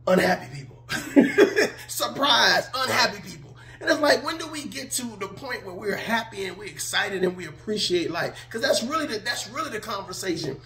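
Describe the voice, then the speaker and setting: A man's voice: high voice, lively intonation, brisk, few pauses, crowd noise. A man giving a casual video monologue as an online commentator, firing off emphatic rhetorical questions and laughing often. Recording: roomy echo.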